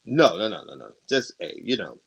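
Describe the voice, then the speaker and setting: Animated man telling a story on a podcast. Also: on the low side, a little fast, gravelly, breathy edge. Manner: animated storyteller, acts out quoted arguments, laughs often. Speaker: podcast co-host. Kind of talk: casual storytelling chat.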